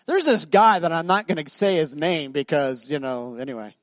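The voice here is a middle-aged pastor's, somewhat high, expressive and moderately paced, recorded without echo. During his sermon in a church sanctuary, he tells stories in a chatty manner and acts out each person's voice.

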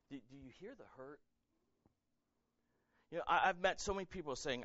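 Animated, bright-voiced male pastor preaching. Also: on the high side, normal speed, long pauses, no room sound, muffled recording. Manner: animated, conversational, acts out quotes, many fillers and repeats. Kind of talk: sermon.

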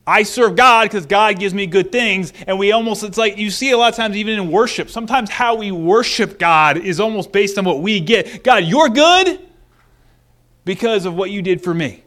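Animated high-voiced male pastor. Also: fairly quick, few pauses. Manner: animated, swings from loud to hushed. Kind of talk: sermon.

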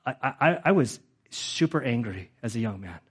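A man's voice: mid-range voice, animated, normal speed, breathy edge. A middle-aged male pastor giving a conversational sermon, with frequent fillers, who grows emotional as he goes.

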